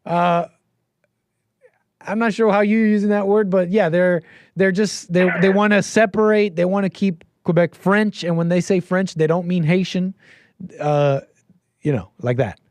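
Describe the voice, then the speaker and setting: A man hosting a call-in stream in a loose, meandering way, often stopping mid-sentence to hunt for the right word. His voice sits a little high for a man. The sound is dry and close, with no room behind it. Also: fairly even intonation, a little slow, darkish tone, dry recording. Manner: meandering, searching for words. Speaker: call-in show host. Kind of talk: casual call-in talk.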